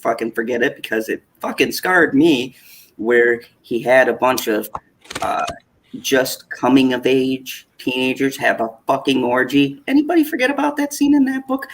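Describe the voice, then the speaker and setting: A man's voice: medium pitch, expressive, moderate pace, a little hiss or hum. A man co-hosting a casual live chat, ranting heatedly with frequent swearing and mocking asides. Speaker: podcast co-host.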